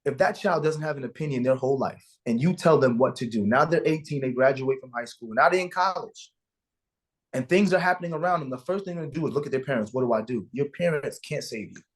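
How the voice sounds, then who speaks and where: A man with a slightly husky, breathy voice talks as an interview guest. He tells a personal story in an earnest, emotional way and acts out the lines of the people in it. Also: mid-range voice, fast. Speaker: guest, father of sons.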